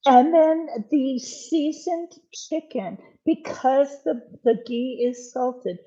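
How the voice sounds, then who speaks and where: Older lady cooking live in her kitchen, high voice, slow unhurried talk, kinda dull lo-fi sound. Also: mellow. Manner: chatty, talks to viewers while cooking, frequent ums. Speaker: livestream cooking host. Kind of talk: casual live cooking chat. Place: home kitchen.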